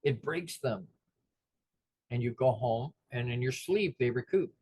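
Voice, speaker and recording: Middle-aged male motivational speaker, mid-range voice, lively storytelling that slips into character voices, close and dry sound. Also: mid-range voice, a little slow, husky, no room sound. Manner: animated, acts out the voices of people in his stories.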